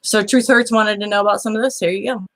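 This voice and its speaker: A woman's voice: mid-range voice, fairly even intonation, fast, a bit bright. A woman hosting her own show, recounting a dispute by reading old messages aloud, blunt, aggrieved and swearing freely. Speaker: show host.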